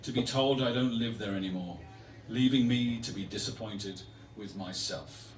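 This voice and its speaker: A performance poet reads his own poems live, his low-leaning voice at a normal speed, sounding reverberant and distant. Between pieces he banters with the audience, full of playful, self-mocking humour.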